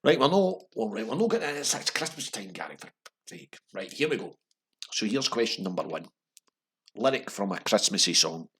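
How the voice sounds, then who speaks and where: A man's voice: fairly low pitch, animated, a little fast, fairly bright tone, breathy edge. A Scottish man hosting a casual pub quiz, rambling and swearing through wry asides between questions.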